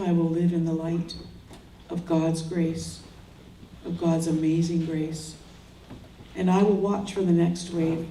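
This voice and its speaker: An older woman, a grieving mother, gives a slow, heartfelt memorial speech at a gathering, offering earnest, prayerful words in short, solemn phrases. Her voice is fairly low and warm, picked up from far off with a roomy sound and a little hiss or hum.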